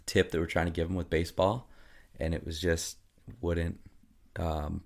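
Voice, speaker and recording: A man in his thirties, a podcast guest, telling family stories in a casual, animated way and acting out his kids' voices. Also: sits low, normal speed, vocal fry. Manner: animated storyteller who acts out his kids. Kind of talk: casual storytelling.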